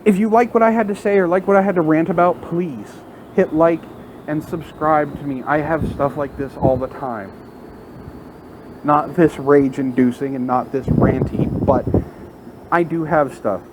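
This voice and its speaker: Standing in front of a big window at his workplace, a male vlogger films himself on his phone delivering a furious, off-the-cuff rant full of profanity. The pitch is fairly high, the intonation fairly even, the speed normal, with noise in the background.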